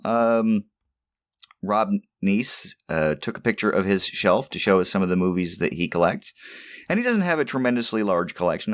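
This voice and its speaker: Low-voiced podcast host in a dry booth. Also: male voice, dry recording. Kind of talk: casual chat.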